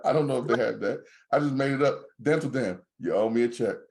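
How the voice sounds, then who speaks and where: A man's voice: mid-range voice, quick pace. A man co-hosting a podcast, in casual joking banter. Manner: joking, animated storyteller. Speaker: podcast co-host.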